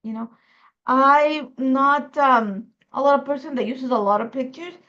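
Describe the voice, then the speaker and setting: A woman from Ecuador, a native Spanish speaker with an Ecuadorian accent, hosts a crafting video in a chatty, rambling way full of fillers. Her throat is irritated and she keeps fighting off a cough. Her voice sits high and a little slow with a fairly bright tone, and the audio is lo-fi.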